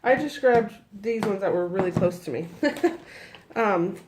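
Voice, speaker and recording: A woman's voice: mid-range voice, expressive, a little slow, background noise. A woman with a groggy morning voice, chatting casually through a crafting demonstration with lots of fillers and restarts. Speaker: crafting tutorial host.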